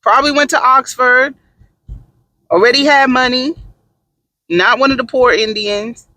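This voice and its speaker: A man doing sassy, animated gossip commentary in a casual vlog, with dramatic asides. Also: very high-pitched, a little slow, no room sound. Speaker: vlogger.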